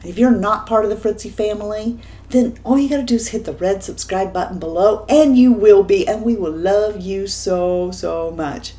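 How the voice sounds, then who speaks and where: A woman beauty vlogger wrapping up her video with warm, teasing asides to her viewers. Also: mid-range voice, moderate pace. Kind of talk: casual channel sign-off.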